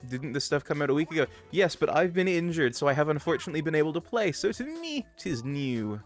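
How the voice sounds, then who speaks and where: A man streaming a game live, chatty and excitable, talking to his chat as he plays. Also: on the high side, rapid-fire, soft background music. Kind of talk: live gameplay commentary.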